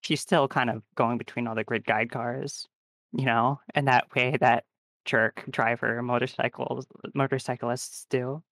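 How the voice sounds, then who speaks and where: Gravelly man playing a tabletop game. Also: mid-range voice, flat delivery, a little slow, a bit bright, no echo. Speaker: player. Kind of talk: casual chat, tabletop game.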